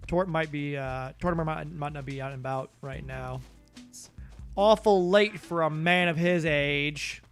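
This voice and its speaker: A man's voice: a little high, a little slow, clear, resonant tone, soft background music. A tired man rambling through casual gameplay commentary on a stream, goofy and profane, talking mostly to himself. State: tired, yawning.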